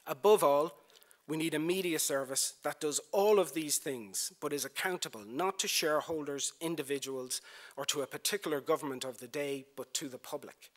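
A man delivering a prepared lecture in a university theatre, building his points through measured rhetorical lists and repetition. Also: fairly high pitch. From Ireland. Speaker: broadcasting executive giving a lecture. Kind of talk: formal prepared speech.

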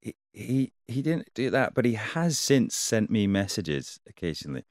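A man being interviewed about his acting work, talking in halting bursts with many restarts and frequent laughs. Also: fairly low pitch, sing-song, no echo, clean studio sound. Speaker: actor guest. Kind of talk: casual interview chat.

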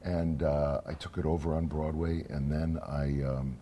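A stage actor talks through a television studio interview in a low, deep voice. He pauses and restarts often, filling the gaps with relaxed "uh"s. Faint noise sits under his voice. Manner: relaxed, halting, frequent "uh"s. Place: TV news studio.

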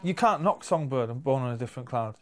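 A man's voice: medium pitch, animated, fast talker, soft background music. A man chatting in an interview, dry and sardonic, swearing as he teases. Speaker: band member and songwriter. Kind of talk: casual interview chat.

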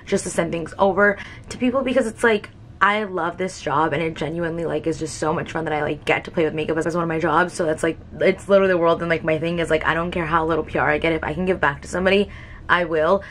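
A woman's voice: deep voice, steady tone, fast, fairly bright tone, a little hiss or hum. A young woman in a casual beauty vlog, talking emotionally to camera with lots of "like" fillers. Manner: chatty, emotional, many "like" fillers. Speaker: beauty vlogger.

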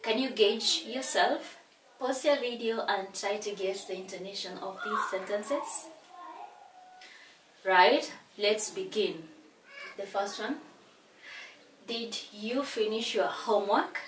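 A woman's voice: medium pitch, takes it slowly, long pauses, fairly bright tone. A woman teaching an exam-prep English lesson, explaining each answer step by step and giving the reason. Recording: echoey room from far off, with noise.

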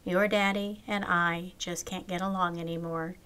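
A woman voicing a weary divorced mother gently soothing her daughter. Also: on the low side, fairly even intonation, moderate pace, clear, resonant tone.

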